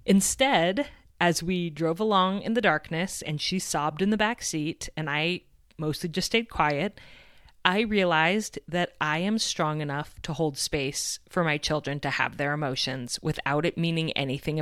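A woman's voice: deep voice, moderate pace, fairly bright tone, dry recording, studio quality. A woman hosting a podcast, telling a personal parenting story in an earnest, reflective way. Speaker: podcast host. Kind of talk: podcast monologue.

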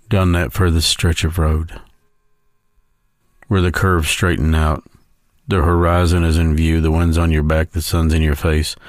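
A man hosting a podcast, telling a slow, heartfelt personal story in a storytelling tribute. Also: a bass voice, no room sound, studio quality. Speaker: podcast host.

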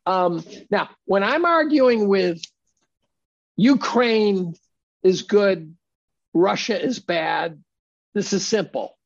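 A man's voice: sits high, slow pace, pauses often, no echo, highs cut off. A man speaking as a podcast guest in casual conversation, emphatic and argumentative.

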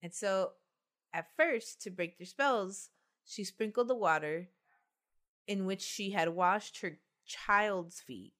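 Speaking slowly at a medium pitch, this podcast host has a fairly bright tone. She reads folklore aloud while bantering with friends, and her manner is playful, with frequent laughter.

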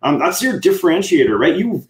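A man's voice: a little high, big pitch swings, a little fast. A man co-hosting a podcast in casual chat, enthusiastic and loose, with lots of fillers and "right?" tags. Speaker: podcast co-host. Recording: echoey room sound.

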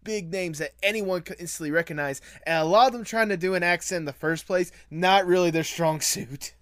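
A podcast host chatting casually, animated and laughing easily, with pitch swooping up often. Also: brisk, no echo, studio quality.

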